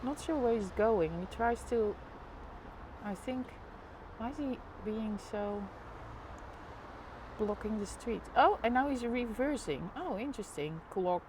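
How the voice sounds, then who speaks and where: Woman, Dutch accent, casual live-stream chat, higher voice, faint traffic behind. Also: expressive, unhurried, long pauses. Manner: chatty, narrates street scene to viewers. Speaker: live vlogger. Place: apartment window overlooking a city street.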